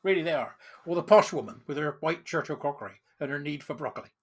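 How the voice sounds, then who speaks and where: A man's voice: on the high side, lively intonation, quick pace, breathy edge. A man giving sarcastic, indignant solo commentary, full of rhetorical questions. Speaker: political commentary host.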